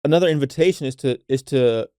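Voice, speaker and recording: A man's voice: mid-range voice, fast talker, dark tone, clear, resonant tone, no room sound, studio quality. A man hosting a casual solo podcast, speaking unfiltered and swearing freely, coaching women listeners and often tagging his points with "right?". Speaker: podcast host.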